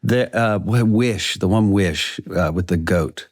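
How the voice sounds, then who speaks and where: A male actor in a casual interview, telling stories with lively acted-out dialogue. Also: low-pitched, measured pace, dry recording, studio quality. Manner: animated storyteller, acts out quoted dialogue. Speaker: actor guest.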